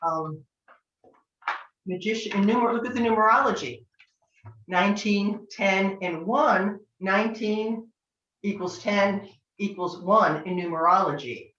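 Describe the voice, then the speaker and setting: A woman's voice: medium pitch, measured pace, a bit bright. An older woman from Northern California teaching tarot in a chatty, anecdotal way, acting out bits of dialogue. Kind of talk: online master class talk. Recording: echoey, distant, dull lo-fi sound.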